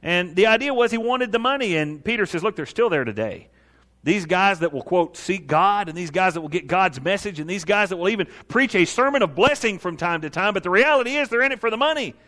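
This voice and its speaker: Animated preacher in a reverberant hall. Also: male voice, a little fast. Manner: animated storytelling, acting out biblical figures in a lowered voice. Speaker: pastor. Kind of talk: sermon.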